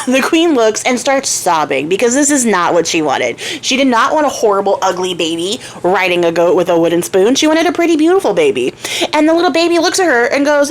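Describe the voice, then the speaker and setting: Brief: young woman, a bit high voice, playful fairy-tale storyteller, faint hiss behind. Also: animated, moderate pace. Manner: chatty and playful, addresses viewers as "you guys", laughs often. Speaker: storyteller and crafter. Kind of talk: casual storytelling.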